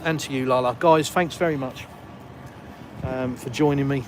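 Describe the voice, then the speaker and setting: Steady in tone, mid-range, and at normal speed, a man from England with a southern English accent live-streams while walking through a village. He reads comments and casually chats with viewers, often mocking himself. The phone stream is noisy, with passing cars and street noise.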